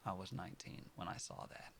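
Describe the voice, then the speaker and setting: A man in his early twenties talking casually to his viewers, rambling and correcting himself, dropping to soft mutters and then bursting out loud. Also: brisk, a little hiss or hum. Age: early 20s. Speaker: vlogger. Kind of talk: casual personal monologue to camera.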